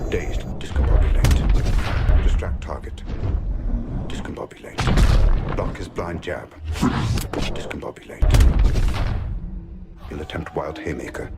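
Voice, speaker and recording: An actor with a British accent playing a cool, calculating male detective who plans a fight aloud in a measured, half-whispered voice. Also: vocal fry, very noisy, full character voice. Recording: film clip with loud booms and gunfire.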